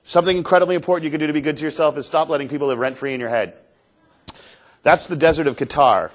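Animated male keynote storyteller. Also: on the high side, rapid-fire. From Canada. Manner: animated, self-deprecating storyteller. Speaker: motivational speaker. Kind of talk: storytelling keynote talk on stage. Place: stage before an audience.

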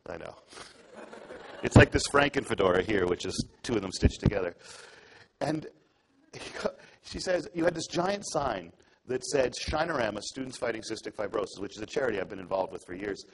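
A man's voice: fairly low pitch, expressive, fairly quick, a little hiss or hum, low-quality recording. A young adult man giving an earnest, conversational talk to an audience, telling a story and acting out the dialogue in it. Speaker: public speaker.

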